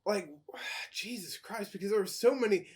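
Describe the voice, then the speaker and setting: Man chiming in on a podcast. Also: sits high. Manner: short agreeing replies, halting. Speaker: podcast co-host. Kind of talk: casual chat.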